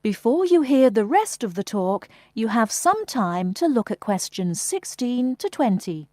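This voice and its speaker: A woman reading formal test instructions as an exam narrator, in a measured manner. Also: on the high side, sing-song, warm tone, no echo. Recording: dry studio recording.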